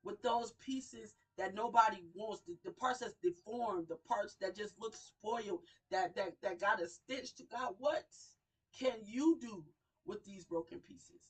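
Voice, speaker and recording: Slow, impassioned woman preaching from afar. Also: medium pitch, slightly rough, recorded from a distance, rough recording. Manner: emotional, repetitive preaching cadence, swells and drops in volume. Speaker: radio show host. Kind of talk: impassioned sermon-style talk.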